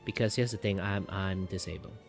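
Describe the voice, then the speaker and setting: A man's voice: steady tone, a little fast, vocal fry, soft background music. A young man from Malaysia, chatting casually while drawing on a stream and rambling with lots of filler words. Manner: rambling, many filler words, flips between a low voice and a higher one.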